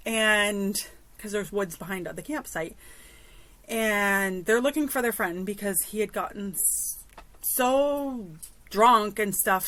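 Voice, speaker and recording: A woman in her thirties hosts a podcast and talks through a story in a loose, chatty monologue. Her pitch sits in the middle of the usual range for a woman, and her asides carry an exasperated edge. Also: a bit bright, dry recording. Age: 30s. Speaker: podcast host.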